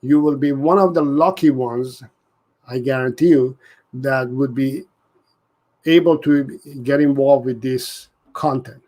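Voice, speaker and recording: Slow-talking man. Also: medium pitch, darkish tone. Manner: earnest, repeats and restarts, reads out viewer comments. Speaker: dog trainer hosting a live Q&A. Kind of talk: casual live-stream Q&A.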